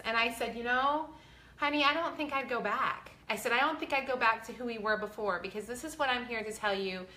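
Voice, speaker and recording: A woman's voice: a little high, a little fast, bright, forceful tone, echoey room. A woman, talking earnestly and chattily to her viewers, close to tears, with a faith-filled manner. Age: 40s. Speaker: vlogger. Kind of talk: casual heartfelt talk to viewers.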